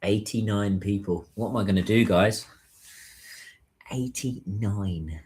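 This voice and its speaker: A man talks casually on a livestream, with a slightly low-pitched voice. He muses to himself and answers viewers' comments as he waits in a taxi queue, recorded on a phone. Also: fairly even intonation, normal speed, darkish tone. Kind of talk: casual live-stream chat.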